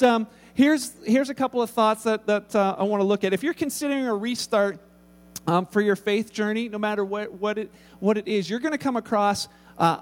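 A man's voice: high-pitched, in a large hall. A man preaching a sermon as a pastor, in a casual, humorous storytelling way with frequent restarts.

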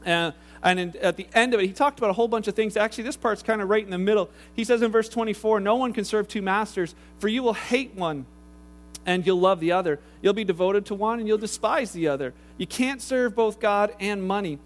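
A man's voice: high voice, a little fast. A man in his thirties, a pastor preaching a sermon in a loose, conversational storytelling way. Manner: conversational, animated storytelling with acted quotes.

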